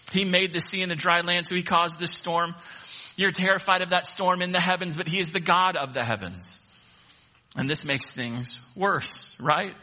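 A man preaching a sermon, animated and acting out the voices of the people in the story. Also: fairly high pitch. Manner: animated, acts out voices of the sailors. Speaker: pastor.

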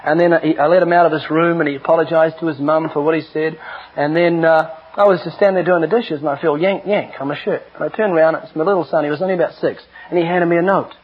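A man's voice: on the high side, fairly even intonation, fast talker, slightly rough. A middle-aged man preaching an earnest, emphatic sermon with personal stories. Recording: dull lo-fi recording.

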